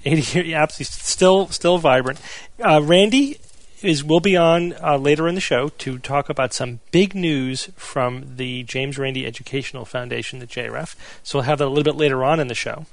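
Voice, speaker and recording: A man's voice: fairly high pitch, brisk, gravelly, no echo. Dry-sounding man hosting news chat. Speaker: podcast host.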